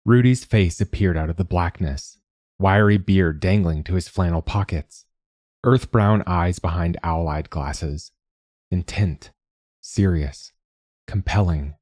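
A man reading a story aloud in a measured, somber narration. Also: low-pitched, darkish tone, breathy edge, no room sound, clean studio sound.

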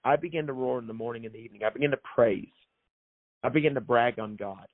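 A man's voice: mid-range voice, fast. A man speaking as a guest with an emphatic, preacherly delivery, building his points by repeating phrases. His voice sits in an ordinary middle register. The sound is thin and phone-like, with no room echo at all. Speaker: author and minister. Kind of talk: guest telling a faith story in a preaching tone.

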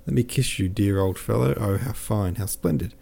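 A man voicing an eager, shy teenage boy soldier in an audiobook, reading his lines a little higher and more earnestly. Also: moderate pace, creaky, warm tone, husky, heavily acted.

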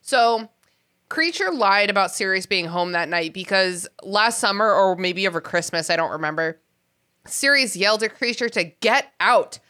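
Lady podcast host, bright clear voice, worked up and laughing a lot. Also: mid-range voice, normal speed. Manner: animated, exasperated, laughs often. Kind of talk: casual podcast chat.

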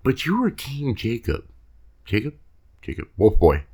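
A man's voice: medium pitch, wildly swooping pitch, moderate pace, gravelly, darkish tone, husky. A man co-hosting a podcast in casual, rambling chat that often trails off mid-sentence. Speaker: podcast co-host.

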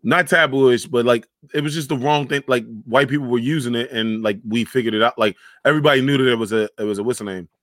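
A man chatting casually on a panel over a video call, animated and slangy, often restarting his sentences. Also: mid-range voice, fast, few pauses, no room sound. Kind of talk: casual podcast chat.

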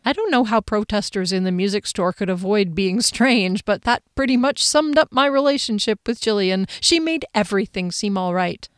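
A woman narrating a first-person audiobook in a measured, expressive way. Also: mid-range voice, clean tone, no room sound, studio quality.

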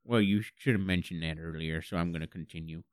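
A man's voice: low-pitched, fairly quick, clean tone, no room sound, studio quality. A man co-hosting a comedy talk show, telling absurd stories in a mock-serious announcer manner. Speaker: comedy podcast co-host. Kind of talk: absurdist comedy radio chat.

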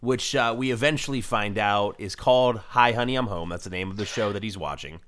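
A man hosting a podcast in casual chat, who recaps a show in a relaxed way, uses fillers, and lets his voice drop at the ends of phrases. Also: fairly low pitch, a little fast. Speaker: podcast host.

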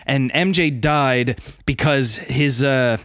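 A man's voice: medium pitch, a bit bright, no echo, clean studio sound. A man chatting casually, eagerly sharing comic book trivia with friends. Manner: enthusiastic comics fan, quick corrections. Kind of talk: casual chat.

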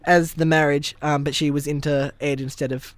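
A man's voice: a little high, level tone, normal speed, no echo. A man co-hosting a casual podcast, joking and reading facts aloud as he moves the talk on. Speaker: podcast co-host. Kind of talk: casual chat recapping a reality show.

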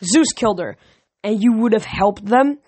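A woman reading the part of a proud, bitter male god of the dead who shouts and growls. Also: mid-range voice, lively intonation, moderate pace, breathy edge, dry recording, pitched above the performer's own voice. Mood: angry.

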